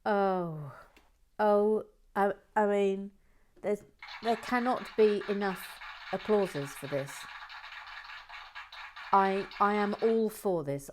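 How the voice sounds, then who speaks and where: Brief: woman, whispered livestream chat while building, playful, mid-pitched. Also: slow pace, slight background noise. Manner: playful, swings from soft whispers to excited outbursts. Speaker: host building bricks and reading chat.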